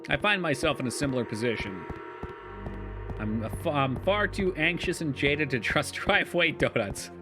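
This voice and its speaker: A man's voice: fairly high pitch, expressive, normal speed. Joking man streaming with game music. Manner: joking, swears freely, talks to chat. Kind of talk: casual chat while playing a game. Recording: live stream with loud game music behind.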